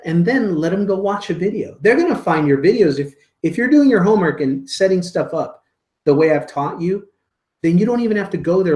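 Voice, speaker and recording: A man's voice: a little high, darkish tone, echoey room. A man giving a weekly live marketing training, coaching viewers in an upbeat, salesy way.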